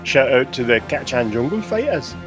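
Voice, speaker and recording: A man's voice: medium pitch, big pitch swings, normal speed, fairly bright tone, faint music behind. A man co-hosting a podcast, tossing in laid-back banter and bawdy jokes. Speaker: podcast co-host. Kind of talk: casual comedic chat.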